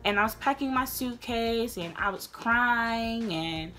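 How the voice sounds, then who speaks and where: A young woman vlogger telling a personal story in a candid, rambling way, earnest and emotional, sometimes getting loud and passionate. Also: a little high, a little slow, hardly any pauses, soft background music. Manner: loose, rambling, many restarts.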